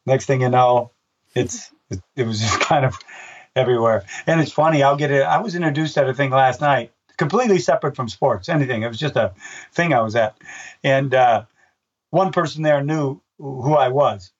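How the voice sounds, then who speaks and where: An older race announcer with a medium-pitched voice at normal speed tells stories in a casual interview, rambling with many restarts and fillers and acting out voices in his anecdotes. The recording sounds dull and distant.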